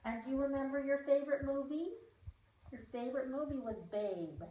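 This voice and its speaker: A woman's voice: sits high, brisk, far from the mic, highs cut off. A woman telling her old dog the story of his puppyhood, in a coaxing, sing-song way aimed at the pet. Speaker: dog owner. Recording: echoey room, voice from off-mic, faint noise.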